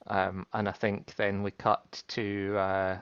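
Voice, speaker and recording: Slow, low-voiced man telling a story. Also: completely flat delivery, a bit bright, clean tone, no echo, lo-fi sound. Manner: halting, filler-heavy storytelling. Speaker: player. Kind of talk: narrating a tabletop game.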